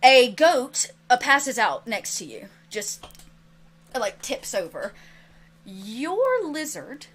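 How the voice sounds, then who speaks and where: A woman narrating a tabletop role-playing game as game master, lively and chatty, with many fillers. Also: medium pitch, a little hiss or hum.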